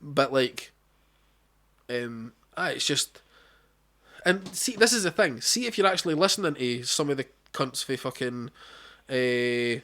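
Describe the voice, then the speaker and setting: A man's voice: mid-range voice, animated, unhurried, pauses often, sharp tone. A young Scottish man hosting a casual chat, sweary and rambling, full of fillers and restarts. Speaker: podcast host.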